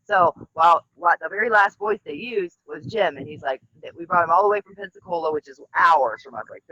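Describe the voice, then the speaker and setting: A woman telling a rambling personal story as a talk show guest, halting often with fillers and restarts. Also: on the low side, sharp tone, no room sound. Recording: dull, dry lo-fi audio.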